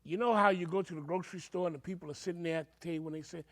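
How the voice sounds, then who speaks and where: A man's voice: high-pitched, fast talker, few pauses. An older man, a reverend telling his own story with emotion and acting out the voices of people he quotes. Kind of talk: personal storytelling.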